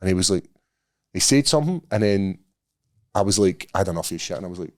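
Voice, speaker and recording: A Scottish man co-hosting a podcast, telling stories in an animated, swearing way. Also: sits low, fast. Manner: animated storyteller, swears freely. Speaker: podcast co-host. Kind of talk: casual chat.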